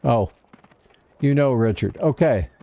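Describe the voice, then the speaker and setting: Here a livestream gamer comments casually on his play, talking to himself and to the chat in a chatty way. His mid-range voice is gravelly and expressive at a measured pace, and the recording's highs are cut off.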